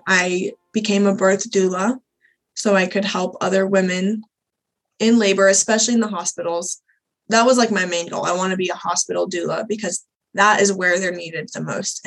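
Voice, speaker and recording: A young adult woman, a birth doula, telling her own birth story as a guest in a podcast interview, candid and animated, voicing the people she quotes. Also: mid-range voice, moderate pace, soft background music, rough recording. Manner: candid, animated retelling, acts out quoted dialogue.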